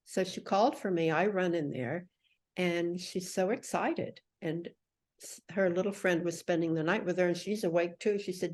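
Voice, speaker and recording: A middle-aged woman guest on a podcast, telling a personal story with lively acted-out quotes. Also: fairly low pitch, normal speed. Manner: animated storyteller acting out quoted voices.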